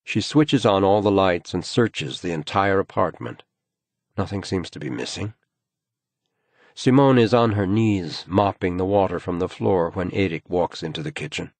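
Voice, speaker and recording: A man narrating an audiobook thriller, with an expressive storytelling delivery. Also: deep voice, normal speed, dry recording. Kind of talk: scripted narration.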